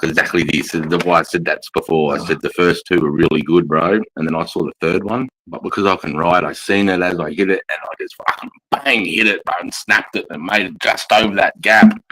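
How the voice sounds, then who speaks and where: Deep-voiced aussie guy telling a bush riding yarn, swears a lot, chill. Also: steady tone, a little fast, a bit bright, rough recording. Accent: Australian. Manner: swearing, laid-back yarn-spinning. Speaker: podcast co-host. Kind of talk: casual chat.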